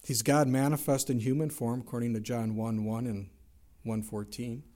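A man's voice: mid-range voice, level tone, normal speed, mellow. A man preaching a sermon, emphatic, with rhetorical questions and rising exclamations. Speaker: pastor.

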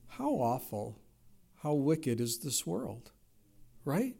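A man's voice: a little high, big pitch swings, takes it slowly, gravelly, long pauses, mellow, slightly rough. A man preaching a sermon, emphatic, with rhetorical questions and rising exclamations. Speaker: pastor.

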